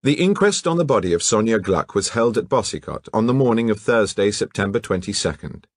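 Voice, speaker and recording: A man reads a mystery audiobook in a lowish voice that rises and falls freely. His tone is slightly husky, and the recording is close and dry, with no room sound. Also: sing-song, fairly quick, no room sound. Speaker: audiobook narrator. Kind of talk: scripted narration.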